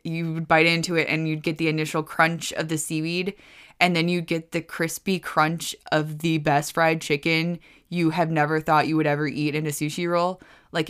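A woman spins a casual podcast story in a somewhat low voice, rambling along and gushing over the details. Her talk is loose and chatty, peppered with "like" fillers as she goes. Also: fairly bright tone, clear, resonant tone. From United States. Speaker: podcast host.

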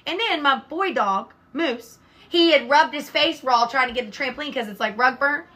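A woman with a high-pitched, sharp-toned voice speaks at normal speed. Co-hosting a podcast in casual chat, she tells stories bluntly and swears freely.

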